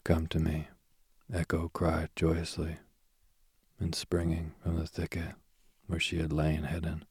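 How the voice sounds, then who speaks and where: Slow, deep, husky male reader for an old myth; soft, half-whispered delivery. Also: completely flat delivery, no room sound, clean studio sound. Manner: soft, often dropping to a whisper. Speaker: storyteller. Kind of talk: reading a myth aloud.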